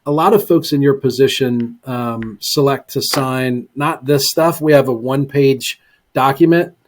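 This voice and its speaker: Man, middle pitch, chatty interview guest, lots of ums, lively storyteller. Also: unhurried. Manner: animated storyteller, many ums, voices other people in quotes. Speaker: guest, real estate investor. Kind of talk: casual interview talk, acting out sales calls.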